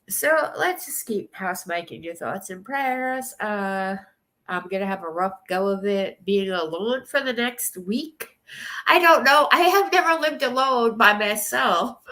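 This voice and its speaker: A woman with a fairly high, bright, forceful voice is livestreaming and chatting casually with her viewers. She cries and rambles, laughing nervously through her tears as she talks to her chat.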